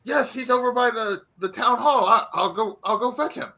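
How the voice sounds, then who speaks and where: A man's voice: very high-pitched, moderate pace, bright, forceful tone, pitched above the performer's own voice, exaggerated voice, low-quality recording. A man voicing a flustered male town guard who stammers as he talks.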